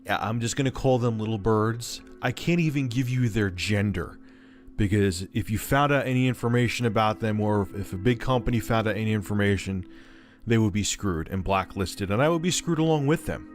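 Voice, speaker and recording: A man's voice: fairly low pitch, brisk. A man making a video, ranting to camera in an indignant, self-righteous way. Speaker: video creator. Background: clear background music.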